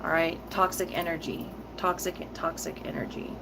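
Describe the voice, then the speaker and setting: A woman's voice: low-pitched, fairly even intonation, normal speed, creaky, very noisy. A woman giving a spoken tarot reading to her viewers, firm and emphatic, often repeating key phrases, with a heated, intense delivery and casual direct address. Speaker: tarot reader.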